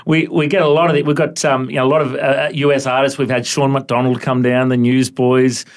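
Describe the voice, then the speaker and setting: A man's voice: mid-range voice, flat delivery, a little fast. An Australian man hosting a casual radio interview, chatty and friendly, tagging his sentences with "hey?" and "mate". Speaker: radio host.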